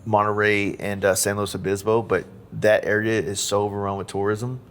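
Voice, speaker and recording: Male podcast host, low-pitched, easygoing conversational delivery with frequent fillers. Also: normal speed. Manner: relaxed, loose talk full of "like" and "you know". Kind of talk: casual interview chat.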